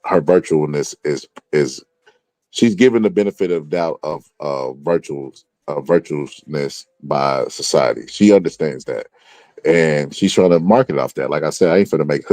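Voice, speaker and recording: A male host of a casual talk show, telling long animated stories full of restarts. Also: a bass voice, dry recording. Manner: animated rambling storyteller, many restarts. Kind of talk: casual podcast chat.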